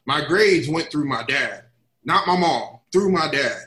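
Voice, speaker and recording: Man, bright tone, animated storyteller, echoey room. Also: on the high side, unhurried. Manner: animated storyteller, acts out quotes. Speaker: podcast co-host. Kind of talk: casual chat. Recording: roomy echo.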